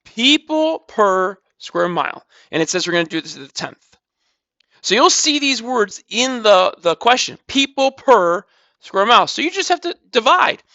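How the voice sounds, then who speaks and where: A man teaches math in a casual, step-by-step manner, repeating figures as he works through them. His voice sits high and bright. The recording is dry and a little dull. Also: big pitch swings, normal speed, no room sound. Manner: talks through calculations step by step, casual, repeats numbers, says "blah, blah". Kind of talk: recorded math lesson walkthrough.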